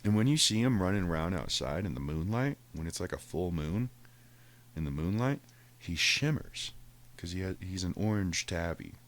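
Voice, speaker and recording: A podcast host telling a casual, profane story, animated and laughing often. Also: male voice, deep voice, normal speed.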